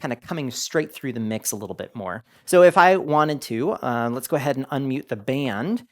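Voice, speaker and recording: Lively man explaining mixer settings. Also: mid-range voice, moderate pace. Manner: lively, relaxed explaining with many "go ahead" phrases. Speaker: audio tutorial host. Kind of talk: casual screen tutorial.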